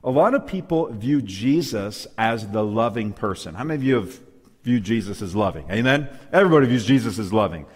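A man's voice: lowish voice, expressive, brisk, in a large hall. A man preaching a sermon to a church audience, emphatic and calling out for amens. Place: church hall with a live and online audience.

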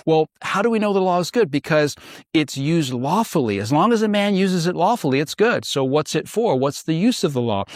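A man's voice: a little high, expressive, a little fast, no echo, clean studio sound. A male pastor teaching a Bible study, earnest and emphatic, asking rhetorical questions.

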